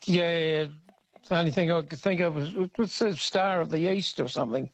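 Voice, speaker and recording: A man's voice: on the high side, normal speed, dry recording, poor audio. A man calling in to a radio quiz, hesitant and self-deprecating. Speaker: caller.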